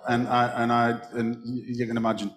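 A man from England with a medium-pitched, level voice talks fairly quickly over a noisy background. As guest at a live stage talk in a large book festival hall, he tells a long anecdote with many restarts, and the hall's echo creates roomy reverb.

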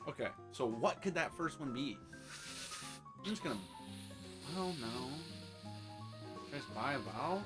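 A man's voice: mid-range voice, lively intonation, moderate pace, long pauses, loud music behind the voice. A man streaming a word game, muttering his guesses aloud and laughing at himself. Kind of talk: casual gameplay chat.

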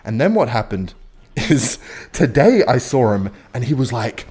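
A young man talks through a strategy game in a loose, rambling way, jumping between game calls and a personal anecdote. His voice sits in a middle pitch but swings around a lot as he talks. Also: very animated, unhurried, darkish tone, slightly rough. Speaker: gaming video creator. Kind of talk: casual gameplay commentary and storytelling.

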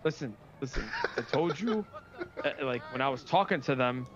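A man's voice: medium pitch, lively intonation, normal speed. A man on a voice call, defensive and rambling, swearing a lot. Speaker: caller on a voice call. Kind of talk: casual chat. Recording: lo-fi voice call with noise.

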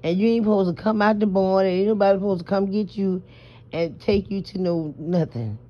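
A woman's voice: mid-range voice, brisk. Brief: woman from New Orleans, stammering confessional vlog, lo-fi phone sound. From Southern US, New Orleans. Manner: rambling, stammering, emphatic, swears freely. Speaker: vlogger. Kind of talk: late-night confessional vlog. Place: in bed at night. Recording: muffled lo-fi phone audio.

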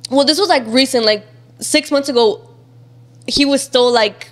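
A young woman in her twenties telling a personal story in casual chat, talking quickly and filling it with "like" and swearing. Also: sits high, a bit bright. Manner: fast chatty, heavy use of "like", swearing. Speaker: guest.

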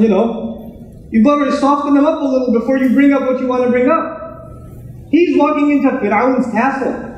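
Fast-talking preacher in an echoey hall. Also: male voice, extremely high pitch, muffled recording. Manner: animated, conversational storytelling, acts out quotes. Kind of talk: Friday sermon. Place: mosque prayer hall. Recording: echoey hall, mic at distance.

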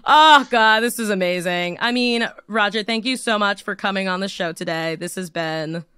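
A woman's voice: medium pitch, fairly even intonation, normal speed, bright, forceful tone, clear, resonant tone, no room sound, studio quality. A young woman hosting a casual podcast, chatty and full of fillers, getting tearful and laughing through it. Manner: emotional, laughing through tears, lots of fillers and swearing. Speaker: podcast host. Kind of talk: casual chat.

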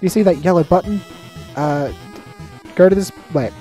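A gamer voicing an awkward, excitable female scientist, reading her lines in a hurried rush. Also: medium pitch, soft background music, natural voice. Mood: urgent.

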